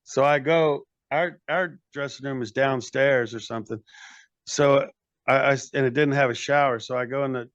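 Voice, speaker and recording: A man's voice: mid-range voice, steady tone, moderate pace, fairly bright tone, dry recording, lo-fi sound. An older man, a metal band frontman and podcast guest, telling long rambling stories in casual chat, often acting out what others said. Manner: rambling anecdotes with acted quotes and restarts.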